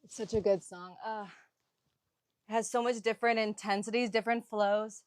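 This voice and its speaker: A woman's voice: mid-range voice, fairly even intonation, normal speed, smooth, no room sound. A young adult woman leading a live yoga sculpt workout, chatting and gushing between cues with lots of "like". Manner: rambling, gushing, heavy use of "like".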